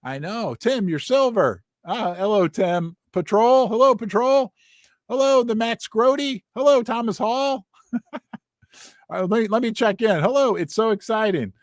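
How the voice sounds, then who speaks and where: An excitable man hosts a live stream from his basement, calling out viewers' names one after another. His voice sits high for a man and the sound is close and dry. He is losing his voice. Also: unhurried, no echo. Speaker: host of a precious metals live stream. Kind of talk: live stream chat greetings. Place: basement room.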